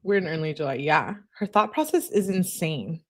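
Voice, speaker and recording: A true-crime commentator reads text messages aloud and reacts casually and sarcastically, tossing in blunt, slangy asides. Her low voice is animated and moderately paced.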